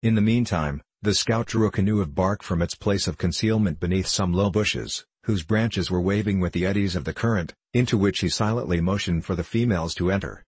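A man narrating a classic novel in a measured, even reading, recorded close to the mic. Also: sits low, slightly rough, no echo, low-quality recording. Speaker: audiobook narrator. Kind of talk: scripted narration.

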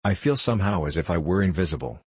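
A man's voice: low voice, expressive, fast talker, a little mellow, husky, no echo, heavily acted. A man reading the lines of a curious, polite young girl in a storybook, in his own voice.

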